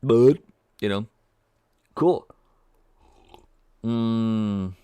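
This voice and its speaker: A man's voice: fairly low pitch, drawn-out words, warm tone, smooth, no echo, dull audio. A man hosting a casual trading livestream, chatty, reading viewer comments aloud and cracking jokes. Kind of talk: casual live-stream chat.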